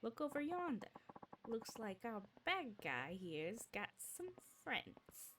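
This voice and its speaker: A woman's voice: on the high side, big pitch swings, slow, far from the mic, noisy background. Woman reading as a folksy old martial arts master. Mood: teasing. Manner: folksy, teasing, proud. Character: gruff older male martial arts mentor.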